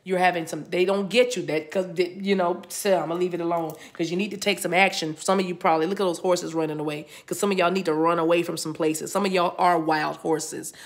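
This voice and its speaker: A woman's voice: fairly low pitch, fairly even intonation, quick pace, hardly any pauses. Chatty woman giving a spiritual reading. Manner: chatty, breaks into song, laughs often. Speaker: tarot reader.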